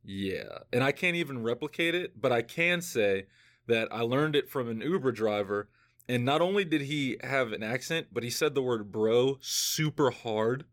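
A man's voice: mid-range voice, lively intonation, normal speed, fairly bright tone. Laughing man hosting a casual podcast. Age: late 20s. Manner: playful, laughs often. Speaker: podcast host. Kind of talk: casual chat.

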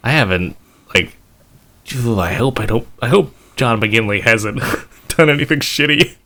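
A man's voice: medium pitch, measured pace, pushed and bright. A man co-hosting a podcast in casual banter, hesitant and chuckling. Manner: hesitant, many fillers, chuckling. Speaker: podcast co-host.

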